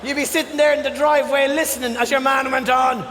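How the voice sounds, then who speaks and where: An Irish man doing a stand-up comedy set, loud and profane, often breaking into shouts. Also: extremely high pitch, level tone, fast, hardly any pauses, background noise. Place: live comedy venue. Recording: live room with long reverb, loud crowd.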